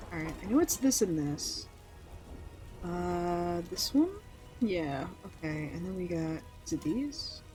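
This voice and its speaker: A woman's voice: on the low side, a little mellow. A woman streaming a game, chatting casually, thinking aloud and swearing now and then. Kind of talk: casual let's-play chat.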